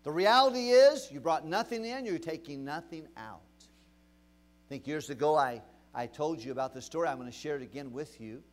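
A man preaching as a pastor, telling a story from his ministry with animated, shifting emphasis. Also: fairly high pitch, normal speed. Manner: animated, swings between loud emphasis and quiet retelling. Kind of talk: sermon storytelling.

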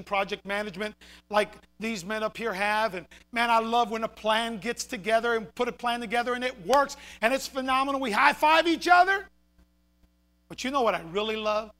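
A man preaching a sermon in an animated way, shouting for emphasis and then dropping quiet. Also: extremely high pitch.

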